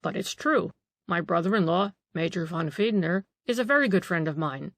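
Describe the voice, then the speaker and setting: A female narrator plays a charming young gentleman who coaxes and teases with a demure playfulness. The reading is dry and close-miked, as in a storybook. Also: on the low side, expressive, brisk, no room sound. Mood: coaxing. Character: charming, teasing young gentleman invalid, man.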